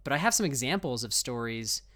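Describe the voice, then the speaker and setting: A man's voice: medium pitch, animated, brisk, a bit bright. A middle-aged man hosting a casual podcast, teasing his co-host and restarting his sentences often.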